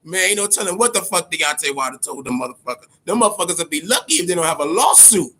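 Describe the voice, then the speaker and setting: A high-pitched man hosts a loose, profane boxing talk show. He stumbles over repeated words and keeps calling out to his listeners. His tone is bright and forceful. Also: quick pace. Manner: animated, profane, repeats words, addresses audience as y'all. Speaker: boxing commentary host. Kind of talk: casual profane boxing commentary.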